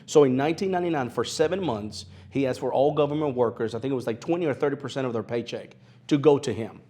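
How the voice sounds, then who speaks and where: A man in his thirties from Venezuela, speaking English with a Spanish accent and a slight Southern twang, telling stories in an animated way as an interview guest. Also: mid-range voice, fast. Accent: Venezuelan Spanish with an East Tennessee twang. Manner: animated storyteller, laughs easily, repeats phrases for emphasis. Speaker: interview guest, sports broadcaster. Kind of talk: conversational storytelling interview.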